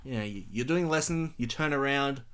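A man of middle pitch co-hosting a casual film podcast. He talks in a rambling, animated way and paints little scenes to make his point. He swears now and then. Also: a little fast, clean tone. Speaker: podcast co-host reviewing films. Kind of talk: casual film review chat.

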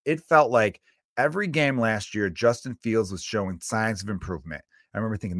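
On a solo podcast, a man rants in a loose, profane, exasperated way, rambling with plenty of fillers. His voice is fairly low, brisk and a bit bright. The sound is studio quality with no echo.

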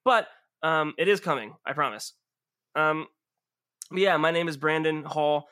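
A young man hosting a podcast and chatting casually with his players, talking fast and rambling, laughing often. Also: on the high side, pushed and bright, dry recording, clean studio sound. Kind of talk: casual chat.

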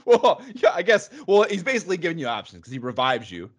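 A man's voice: a little high, big pitch swings, fast talker. A man co-hosting a podcast, chatting casually and rambling, laughing often as he talks. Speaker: podcast co-host. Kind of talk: casual chat about a retro game.

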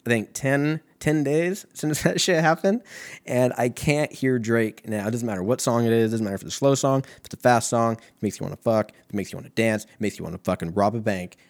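A man's voice: mid-range voice, quick pace. A young man hosting a casual solo podcast, rambling and swearing, often laughing at his own jokes. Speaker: podcast host.

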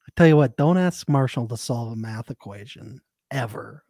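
A man co-hosting a casual recap chat, teasing his friend and agreeing quickly. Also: medium pitch, expressive, creaky, dark tone, no echo, studio quality. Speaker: podcast co-host.

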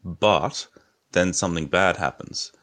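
A man's voice: sits low, measured pace, a bit bright. A young man hosting a podcast, speaking in a hesitant casual chat with lots of fillers. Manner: hesitant, many fillers and restarts. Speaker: podcast host.

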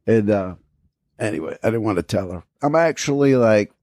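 A man's voice: lowish voice, expressive, moderate pace, darkish tone, dry recording, studio quality. A man co-hosting a podcast in casual chat, rambling through anecdotes and acting out the people in them. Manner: rambling storyteller, acts out quoted people. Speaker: podcast co-host.

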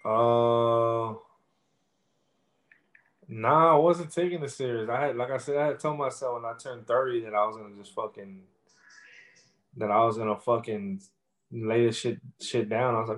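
A man in his thirties who raps tells animated stories in a casual interview, full of swearing and recurring fillers. His voice is mid-range and his pace moderate.

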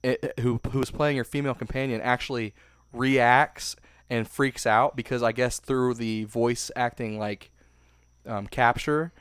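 A man with a smooth, clean voice chats casually with friends, telling a meandering story and trailing off with loose fillers. His voice sounds close and dry, with no room around it. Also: mid-range voice, steady tone, measured pace, fairly bright tone, no echo. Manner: rambling storyteller, trails off with "or whatever". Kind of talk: casual chat.

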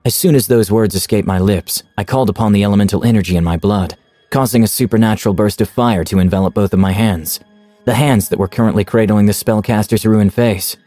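Male narrator with a warm, low delivery for a dramatic first-person tabletop story recap. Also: a little fast, dry recording, faint music behind.

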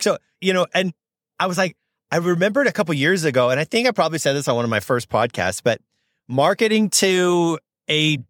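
A man's voice: medium pitch, a bit bright, no room sound, studio quality. A young man from Southern California, a podcast host telling a story in a chatty, upbeat way with lots of fillers. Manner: chatty and upbeat, many fillers, acts out quoted voices. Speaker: podcast host, notary signing agent.

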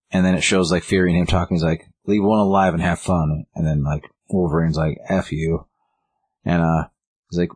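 A man's voice: low voice, brisk, a little mellow, husky, no echo. A man casually recapping a comic book story on a podcast, rambling with lots of fillers and restarts. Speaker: podcast co-host.

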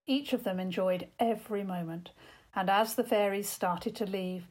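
A woman reads a children's story aloud in a gentle, expressive voice. Her pitch sits in an ordinary middle range. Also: normal speed. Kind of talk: children's bedtime story narration.

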